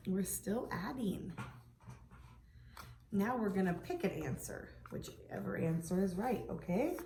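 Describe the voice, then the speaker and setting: Slow, patient preschool teacher woman. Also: medium pitch, a little mellow, slight background noise. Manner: slow, patient, sounds out words for children. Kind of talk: video lesson for young children. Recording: echoey room.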